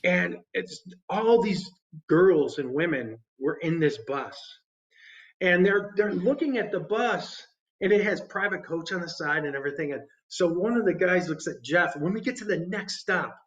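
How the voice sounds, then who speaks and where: A man, a guest musician, telling stories in casual chat, animated and laughing often, with many restarts. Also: high voice, normal speed, highs cut off. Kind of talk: casual storytelling. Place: podcast studio.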